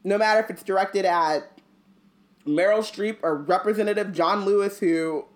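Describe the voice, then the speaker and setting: Young female podcast co-host, casual chat, animated and slangy. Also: mid-range voice, moderate pace. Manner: animated, slangy, laughs a lot.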